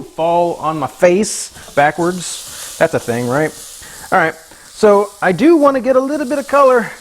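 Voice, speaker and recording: A man hosting a casual cooking livestream in his home kitchen, chatting goofily with viewers and his pets as he cooks. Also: sits high. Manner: goofy, talks to chat and his pets while cooking. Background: food sizzling in a pan.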